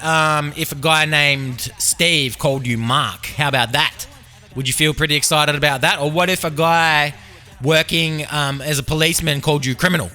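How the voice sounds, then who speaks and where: Australian man, podcast host, bright and slightly high, rambling comic monologue. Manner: absurd, meandering, filler-heavy.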